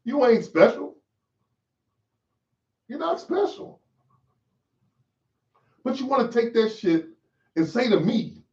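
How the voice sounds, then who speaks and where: A man hosts a podcast in a loud, preachy rant full of profanity. His pitch leaps up and down as he pushes his points. The sound is dull and lo-fi, picked up from a distance in a roomy space. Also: big pitch swings, slow pace, long pauses. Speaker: podcast host. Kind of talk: ranting monologue.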